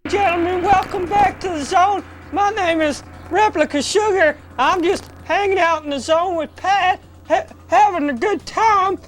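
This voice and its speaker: A man voicing a sweet, chatty Southern belle girl in a gushing falsetto with a Southern US accent. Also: unhurried, hardly any pauses.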